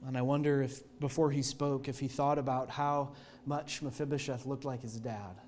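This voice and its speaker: A male pastor preaching a sermon in a church, telling the story in an earnest, expressive way. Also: mid-range voice, moderate pace, a little hiss or hum.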